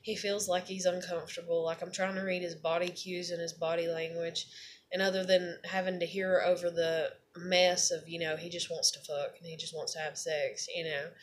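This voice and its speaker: A woman's voice: lowish voice, level tone, normal speed, a little hiss or hum. A woman in a candid personal monologue, talking in a rambling, confessional, blunt way and swearing often.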